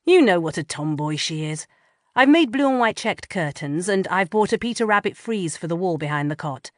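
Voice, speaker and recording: A woman's voice: on the low side, expressive, moderate pace, no room sound, clean studio sound, close to an everyday voice. A woman voicing a blunt, bossy female friend in an audiobook. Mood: chatty. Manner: blunt, lecturing.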